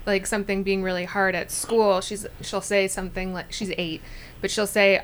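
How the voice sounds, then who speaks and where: A woman's voice: medium pitch, flat delivery, moderate pace. Woman, podcast host, chatty, playful, faint background noise. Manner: chatty, playful, laughs easily. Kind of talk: casual podcast conversation.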